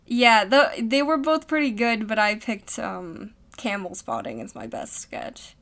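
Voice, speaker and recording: A woman's voice: fairly high pitch, lively intonation, unhurried, fairly bright tone. A young woman co-hosting a podcast, chatting casually with wry jokes and frequent laughter. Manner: giggly, wry. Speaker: podcast co-host. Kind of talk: casual chat.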